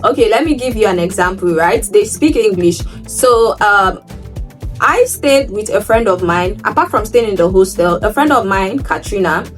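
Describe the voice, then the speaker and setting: A woman from Nigeria chats to her vlog audience in an animated, storytelling way, often repeating words for emphasis. Her voice has a middle pitch. She sits a little back from the mic, with faint music playing underneath. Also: normal speed, distant mic. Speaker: travel vlogger.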